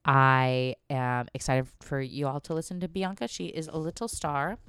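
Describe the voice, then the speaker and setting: A woman's voice: sits low, steady tone, moderate pace, fairly bright tone, clear, resonant tone, no echo. A young adult woman hosting a podcast, rambling playfully in casual solo chat and giggling between thoughts, close on the mic. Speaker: podcast host.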